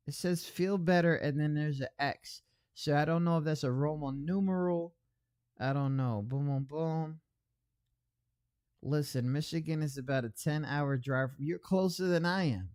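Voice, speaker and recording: A man hosting an online radio stream in casual chat, rambling along and reading out chat messages with shout-outs. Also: a little high, clean tone, no room sound, studio quality.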